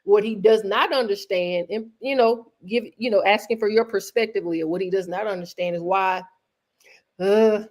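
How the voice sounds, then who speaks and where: Conversational woman hosting a talk show. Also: medium pitch. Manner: relaxed, conversational, many fillers. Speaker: podcast host. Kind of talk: casual podcast chat.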